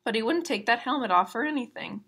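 A woman's voice: a little high, lively intonation, quick pace, gravelly, a bit bright, slightly rough, pitched above the performer's own voice, exaggerated voice. A woman reading aloud the lines of a chatty, slightly proud teenage girl in a novel.

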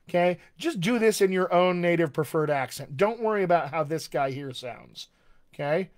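A high-voiced, animated man works as a dialect coach, running a live-streamed voice lesson. He's chatty and encouraging, slowing way down to lead repeat-after-me drills.

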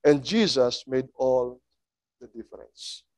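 A man preaching a sermon in a slow, emphatic way, asking his listeners rhetorical questions. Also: medium pitch, darkish tone, no echo, clean studio sound.

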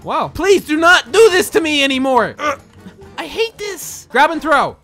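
An excitable gameplay commentator who jokes, laughs and often shouts while narrating a game. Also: high-pitched, unhurried, faint music behind. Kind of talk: let's-play commentary.

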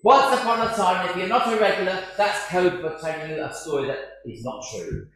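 A man's voice: sits high, fairly quick, a bit bright. A man preaching a sermon, a chatty, self-deprecating storyteller. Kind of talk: sermon with humour. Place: large church. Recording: very echoey church.

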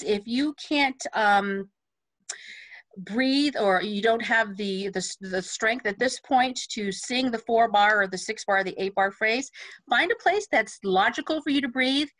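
Vocal coach, woman, fairly high voice, patient and instructive, dry video-call audio. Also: a bit bright, no room sound, rough recording. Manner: patient, instructive, speaks sung lyrics in a measured way. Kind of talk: music lesson, talking through song phrasing. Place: home setup on a video call.

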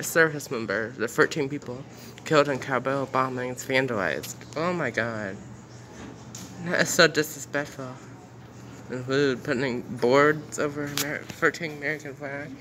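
A man's voice: mid-range voice, bright, forceful tone, a little hiss or hum. A man giving casual commentary while reading news headlines aloud, exclaiming often and repeating himself in outrage. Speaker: commentary vlogger.

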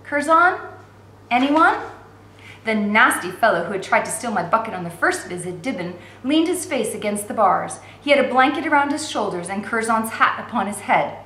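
A woman teacher reading a novel aloud in a steady, expressive way. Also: mid-range voice, fairly quick, few pauses, reverberant, low-quality recording. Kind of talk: read-aloud narration.

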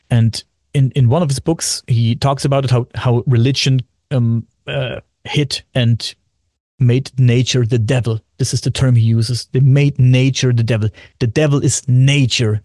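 A man, a podcast guest in casual chat, talking excitedly, repeating himself and swearing often. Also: medium pitch, dry recording, studio quality. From Germany.

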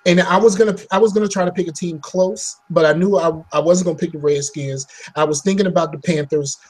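A man's voice: high voice, fairly even intonation, fast talker, darkish tone. A man co-hosting a podcast in casual chat, talking bluntly with joking trash talk and rambling, restarting his sentences. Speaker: podcast co-host.

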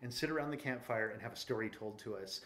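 A man's voice: fairly low pitch, fast talker, fairly bright tone. Thoughtful male screenwriter musing in interview. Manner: thoughtful, searching, frequent restarts. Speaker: screenwriter and director, guest. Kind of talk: conversational interview.

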